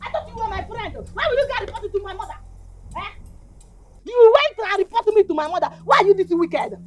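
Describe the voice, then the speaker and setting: A stubborn Nigerian daughter. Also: female voice, very high voice, expressive, fast talker. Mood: accusing. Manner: pleading, defiant. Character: stubborn lovestruck young village daughter. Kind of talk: Nollywood film acting.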